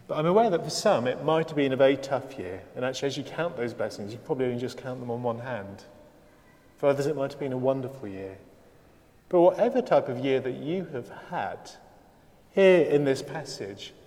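A man's voice: mid-range voice, darkish tone. Guy giving a sermon in church, dry jokes then big emphasis, echoey hall sound. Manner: storytelling with dry humour and rising emphasis. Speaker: preacher. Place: church service. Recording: long reverb of a church hall.

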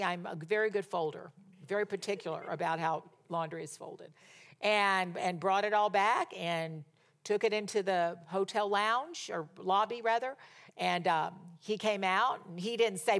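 A woman's voice: mid-range voice, normal speed. A middle-aged woman preaching a sermon, telling personal stories and exhorting her listeners with emphatic repetition.

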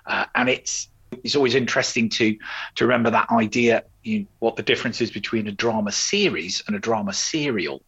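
Husky man rambling on a lo-fi podcast. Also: medium pitch, brisk, a bit bright. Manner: rambling, full of fillers and restarts. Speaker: podcast co-host. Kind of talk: casual chat about old television.

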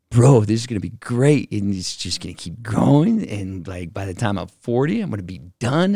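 Gravelly middle-aged man telling a story. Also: lowish voice, dry recording, clean studio sound. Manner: animated, acts out quoted voices, many fillers. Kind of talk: casual storytelling. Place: office.

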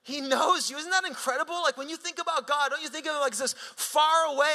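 Bright-voiced animated preaching man. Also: extremely high pitch, a little fast, few pauses, in a large hall. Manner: animated, conversational preaching with sudden rises and drops. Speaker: pastor. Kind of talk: sermon.

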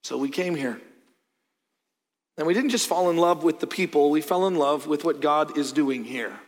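A man's voice: lively intonation, moderate pace. Earnest preaching man in a reverberant hall. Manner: earnest, swings between loud emphatic peaks and quiet low asides. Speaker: pastor. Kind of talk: sermon. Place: church sanctuary.

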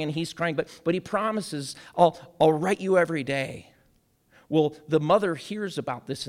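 Earnest, halting man with a higher voice. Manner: earnest, halting, repeats and restarts words. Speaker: speaker addressing an audience. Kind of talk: personal storytelling talk.

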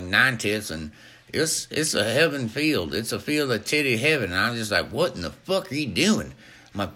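A man playing a rowdy, crude country guy. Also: mid-range voice. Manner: loud, rambling, crude and profane. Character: crude, excitable country man who keeps farm animals.

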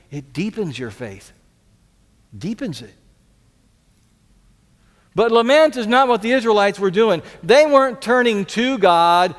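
A high-voiced man preaches a sermon as pastor, earnest and fond of repeating his key lines. He sometimes drops to a soft, pleading tone. His voice rings with the long reverb of a large hall.

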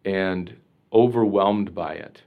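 A priest being interviewed, telling a personal story in an earnest, reflective way, full of casual fillers. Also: male voice, low-pitched, slow pace, phone-quality sound.

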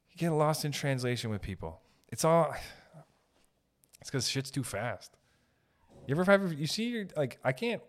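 Profane ranting man. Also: mid-range voice. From Canada. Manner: profane, heated ranting with quick acted quotes. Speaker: podcast host. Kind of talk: ranting podcast monologue.

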